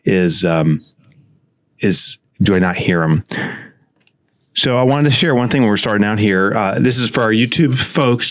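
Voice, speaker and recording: Male podcast co-host, lowish voice, rambling casual chat, self-mocking. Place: home office.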